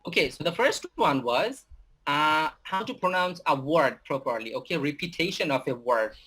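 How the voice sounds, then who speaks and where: Husky Bangladeshi man teaching English. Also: fairly high pitch, animated, bright, forceful tone. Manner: halting, many fillers and restarts. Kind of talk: giving a talk to students.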